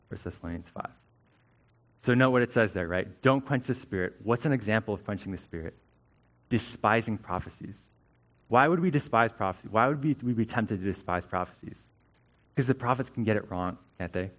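A man preaches to his church in a relaxed, conversational way, often pausing to ask "right?" as he explains. His voice sits fairly low. The recording sounds dull and lo-fi. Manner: conversational, often adds "right?" to check understanding. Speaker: pastor. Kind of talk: sermon teaching.

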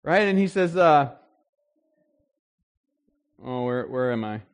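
A man preaching a sermon in an animated way, acting out the voices he quotes. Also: mid-range voice, slow pace, clean tone. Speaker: pastor.

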